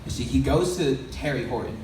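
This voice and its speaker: A man's voice: medium pitch, lively intonation, brisk. A man giving a sermon-like storytelling talk to an audience, loose and conversational, often asking the crowd questions. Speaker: speaker addressing an audience. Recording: echoey hall, mic far off, faint background noise.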